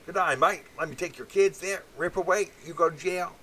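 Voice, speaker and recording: Fields: a man putting on a brash mocking Aussie bloke, high-pitched. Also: fairly quick, fairly bright tone, slight background noise, lightly acted. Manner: exaggerated jeering caricature.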